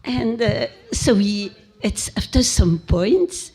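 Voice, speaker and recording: Older woman, French accent, husky voice, slow halting speech. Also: fairly high pitch, animated, darkish tone. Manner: halting, with frequent pauses and fillers. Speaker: guest speaker. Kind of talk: recounting memories to an audience.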